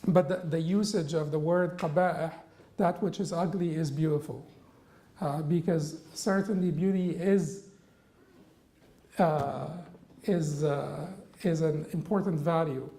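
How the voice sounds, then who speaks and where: A man giving a religious classroom lecture, halting with frequent restarts and rhetorical questions. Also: on the high side, steady tone, mellow, roomy sound, low-quality recording.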